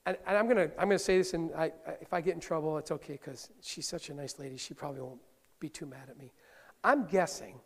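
A man's voice: on the high side, fast talker, a bit bright. A middle-aged male pastor giving a conversational sermon in a church, with playful asides to the congregation. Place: church sanctuary. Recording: long hall reverb.

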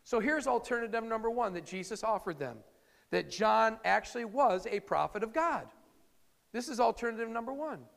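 High-voiced gravelly man preaching in a hall. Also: expressive, moderate pace, fairly bright tone. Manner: conversational, emphatic, acts out quotes. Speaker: pastor. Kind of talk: sermon.

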